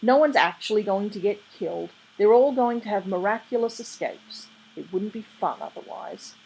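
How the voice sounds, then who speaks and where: A woman's voice: mid-range voice, expressive, normal speed, vocal fry, darkish tone, husky, pitched above the performer's own voice, low-quality recording. Crowley, a woman doing a snappish male demon. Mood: irritable. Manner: snappish, exasperated. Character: sardonic male demon, touchy and defensive.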